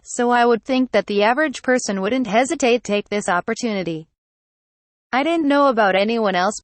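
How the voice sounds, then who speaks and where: A woman narrating a fantasy light novel in the first person. Her reading is even and steady, at a middle pitch. The sound is dry and close to the mic. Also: no echo. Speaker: audiobook narrator.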